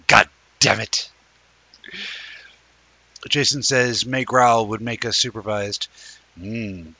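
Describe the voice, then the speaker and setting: A man's voice: on the low side, steady tone, slow, pauses often, bright, forceful tone, dry recording. A man co-hosting a late-night livestream, chatting loosely and joking with plenty of cursing. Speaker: co-host. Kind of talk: casual livestream chat.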